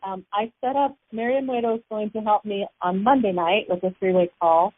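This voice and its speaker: A woman's voice: mid-range voice, fairly even intonation, moderate pace. A woman on a conference call, chattily recounting her sales calls and laughing as she retells them. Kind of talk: telling a story on a conference call. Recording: tinny phone line, dry.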